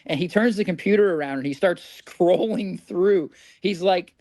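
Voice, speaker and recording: A high-pitched man in his forties from Indiana, speaking at a normal speed with a darkish tone and no echo. He's a podcast guest telling stories casually, chatty and chuckling at his own tales.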